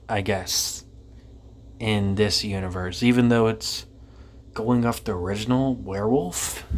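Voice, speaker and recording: Rambling casual male movie reviewer. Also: fairly low pitch. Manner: rambling, offhand, swears casually, many ums. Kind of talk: casual spoken film review.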